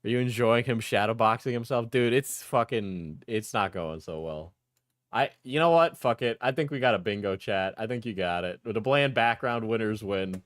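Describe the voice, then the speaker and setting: A man's voice: on the low side, moderate pace, fairly bright tone, no room sound, studio quality. A man streaming a casual reaction video, joking, laughing and swearing as he comments.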